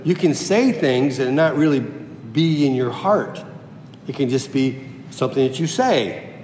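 A man's voice: medium pitch, expressive, measured pace, darkish tone, a little hiss or hum. A man preaching a sermon as a pastor, teaching verse by verse and explaining the original Greek words of the text. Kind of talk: expository sermon. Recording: echoey hall with long reverb.

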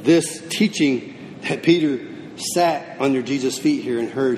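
A man preaches to his congregation. He poses questions and answers them himself, at a middling pitch. His voice rings through a large reverberant hall with a faint rumble underneath. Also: a little slow, darkish tone. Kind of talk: sermon. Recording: roomy hall with long echo, faint rumble.

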